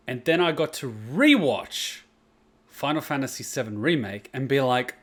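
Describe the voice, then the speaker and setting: A man hosting a casual reaction video, animated and outspoken, swearing and laughing as he talks. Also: mid-range voice, moderate pace.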